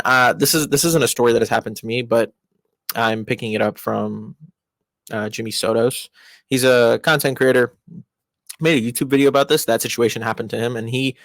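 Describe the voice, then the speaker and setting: A young man offers casual advice in a rambling monologue packed with restarts and fillers, his voice jumping up in pitch for emphasis. There is no room sound.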